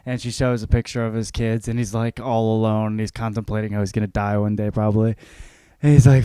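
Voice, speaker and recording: A man's voice: on the low side, level tone, fast, warm tone, clean tone, no room sound. A young man hosting a podcast and ranting for laughs, profane and rambling, often breaking into mocking voices. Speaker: podcast host. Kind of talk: comedic rant.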